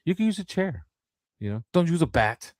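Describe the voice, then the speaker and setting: A man co-hosting a casual sports podcast. He talks in an animated way, laughs a lot and acts out lines, his pitch rising and falling widely. The sound is dry and close. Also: moderate pace, no echo. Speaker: podcast co-host.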